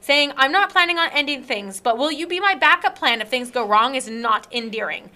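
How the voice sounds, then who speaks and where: A woman's voice: high voice, lively intonation, brisk, pushed and bright. A young woman hosting a casual chat, telling an indignant story and acting out text messages.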